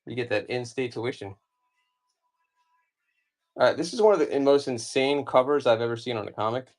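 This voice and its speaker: A man in his forties chats loosely while he runs a live comic auction. His voice sits in an ordinary middle pitch, and he wanders from thought to thought, full of "like" and "you know". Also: lively intonation, normal speed. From United States. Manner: rambling and chatty, many fillers. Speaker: live-stream comic seller. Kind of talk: casual live-stream auction chat.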